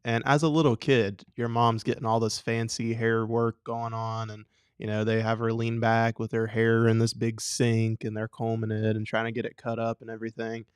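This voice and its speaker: A young man co-hosting a talk show, animated and playful, acting out voices as he tells a story. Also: mid-range voice, normal speed, smooth, no room sound, clean studio sound. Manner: acts out voices, laughs often. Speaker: radio show co-host. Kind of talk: casual chat, animated storytelling.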